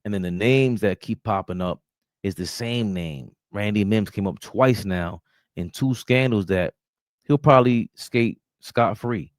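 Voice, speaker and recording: A man hosting a basketball reaction show, reading a news report aloud, then riffing on it in an animated, mocking way. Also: on the low side, a little slow, dry recording. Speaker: sports commentary host.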